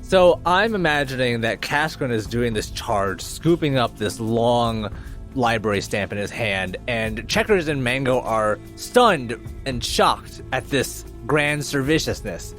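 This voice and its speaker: A man's voice: medium pitch, animated, a little slow, a bit bright, faint music behind. A man playing a tabletop role-playing game, describing his actions in detail. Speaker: player. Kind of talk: casual tabletop play.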